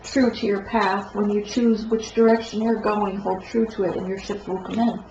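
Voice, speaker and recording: Woman tarot reader, congested, meandering and flat, echoey lo-fi room. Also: medium pitch. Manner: meandering, halting, self-correcting. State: stuffed-up nose. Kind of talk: tarot reading monologue. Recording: echoey room, dull lo-fi sound, faint noise.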